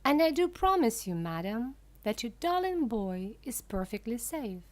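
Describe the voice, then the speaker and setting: A woman's voice: a little high, very animated, measured pace, pitched above the performer's own voice. A woman voicing a playful, giggling eccentric man who makes candy, teasing and exclamatory.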